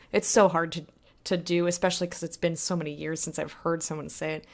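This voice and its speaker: Woman w a lower voice rambling thru a pronunciation lesson, lots of ums. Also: level tone, fairly quick. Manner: rambling, chatty, with many fillers. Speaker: language tutor. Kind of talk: casual spoken lesson.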